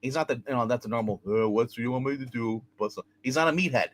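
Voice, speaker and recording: A man on a review show excitedly walks through an episode, tripping over his words and jumping into gruff quotes of the characters. His voice sits at an ordinary middle pitch, and the delivery is loose, unscripted chat. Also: fast talker, a little hiss or hum. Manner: rambling, animated retelling with acted quotes and swearing. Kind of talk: casual recap chat.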